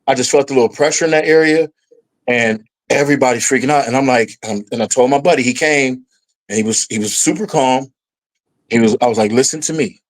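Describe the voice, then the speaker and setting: A middle-aged man talks as a guest on a casual podcast, telling a long personal story with lively energy. When he acts out his past self, his voice climbs higher. His pitch sits in the middle range for a man. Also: poor audio.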